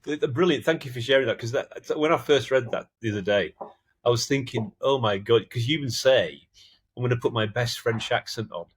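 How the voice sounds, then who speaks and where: Husky-voiced male podcast host. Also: mid-range voice, fairly quick. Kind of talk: interview chat.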